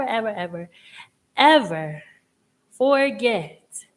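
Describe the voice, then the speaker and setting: A woman hosting a live tarot chat, talking casually in a rambling way, laughing often and swearing freely. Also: on the high side. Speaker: host and tarot reader.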